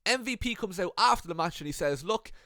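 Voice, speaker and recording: A man's voice: sits high, expressive, brisk, bright, forceful tone, no room sound. Young guy riffing on wrestling booking, swears a lot, dry close mic. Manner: swears often, acts out the wrestlers' quotes. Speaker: wrestling commentator. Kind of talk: casual storytelling.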